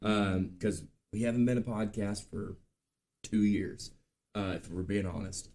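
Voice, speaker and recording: A man in his late thirties hosting a live show, telling stories in a chatty, animated way with lots of ums and uhs. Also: fairly low pitch, a little slow. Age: late 30s. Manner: chatty, animated storytelling with filler words. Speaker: podcast host. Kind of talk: casual live-stream chat.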